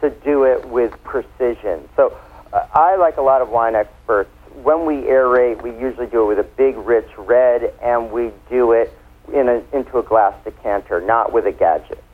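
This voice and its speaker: A chatty man talks wine with easy, playful explanations, his voice sitting in a middling pitch. He comes through a thin, tinny phone line. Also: moderate pace. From United States. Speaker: wine expert guest. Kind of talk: casual radio interview.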